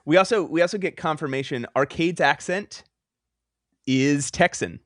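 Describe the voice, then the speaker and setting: A man co-hosting a casual comic book podcast, recapping plot in a rambling way with self-interruptions and quick jokes. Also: a little high, fairly bright tone, no echo, studio quality. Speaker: podcast co-host.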